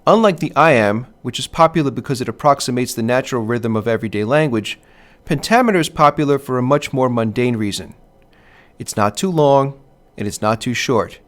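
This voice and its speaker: A male teacher narrates a scripted poetry lesson in a voice of ordinary pitch for a man. He talks in a measured way. When he reads lines of verse aloud, he leans on the stressed beats. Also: expressive.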